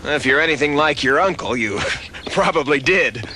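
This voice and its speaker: An actor voicing a grown-up former FBI agent in a cartoon, speaking in a wry, teasing way. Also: male voice, a little high, animated, normal speed, close to an everyday voice. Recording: noisy cartoon soundtrack.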